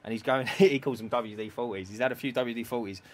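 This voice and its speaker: A man's voice: medium pitch, fast talker. A young man co-hosting a podcast, telling funny stories in slangy casual chat and laughing often. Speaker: podcast co-host.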